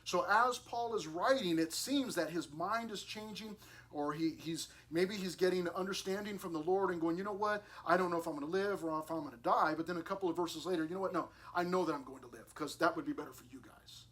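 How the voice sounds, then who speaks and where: A man's voice: high-pitched, a little fast, fairly bright tone. A middle-aged man preaching a sermon to a youth service in an earnest, conversational way, often restarting his words.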